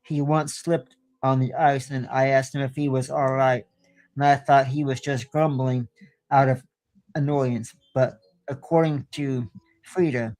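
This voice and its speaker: A man hosting a show and telling a horror story slowly and deliberately, with small stumbles now and then, into a close studio mic. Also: mid-range voice, fairly even intonation, a little mellow, no echo. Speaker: host and storyteller.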